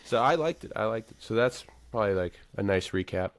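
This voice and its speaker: A man's voice: fairly low pitch, lively intonation, a little fast, dry recording, clean studio sound. A man co-hosting a casual movie podcast, laid-back and rambling with many fillers. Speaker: podcast co-host.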